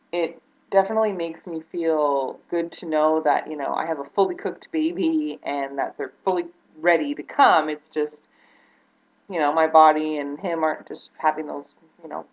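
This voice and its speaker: A woman with a low, deep voice speaks straight to camera in a personal vlog. She talks earnestly and sounds close to tears, hesitating and restarting with plenty of ums. The audio is dull and lo-fi, like an old 2012 webcam. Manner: hesitant, many fillers and restarts. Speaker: vlogger.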